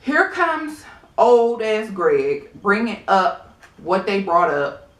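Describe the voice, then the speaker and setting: A woman giving a casual, sassy TV episode review in a blunt, animated way, often laughing. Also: mid-range voice, takes it slowly. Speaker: reality TV recap vlogger. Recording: echoey room.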